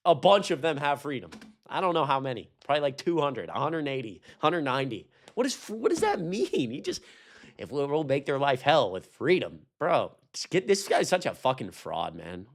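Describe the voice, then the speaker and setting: A man's voice: on the high side, sing-song, vocal fry. Heated, profane young man ranting. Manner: profane, heated, fast swings from shouting to muttering. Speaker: streamer. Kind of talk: ranting live-stream commentary.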